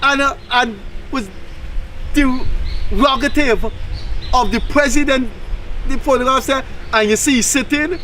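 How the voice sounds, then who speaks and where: A man's voice: very high voice, a little slow, pauses often, bright, forceful tone, slight background noise, rough recording. A man with a Guyanese accent hosting a talk show, giving opinionated, emphatic commentary with mocking asides.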